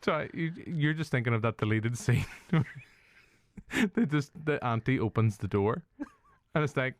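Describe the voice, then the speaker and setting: A man's voice: mid-range voice, animated, moderate pace, no room sound. Northern irish guy reviewing films, jokey, swears a lot, dry close mic. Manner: jokey, laughs often, swears casually. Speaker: podcast host, film reviewer. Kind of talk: casual chat.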